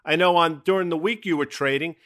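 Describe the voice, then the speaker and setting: Man, podcast co-host, bright forceful voice, a little high, emphatic and opinionated. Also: quick pace. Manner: emphatic, opinionated, name-dropping movie quips. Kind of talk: casual market talk.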